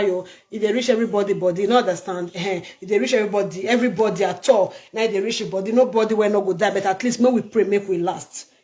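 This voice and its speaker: An older woman from Nigeria with a Nigerian Pidgin accent, talking straight to her viewers in a casual vlog, emphatic and pleading, often repeating herself. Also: mid-range voice. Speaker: vlogger. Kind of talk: casual direct-to-camera vlog.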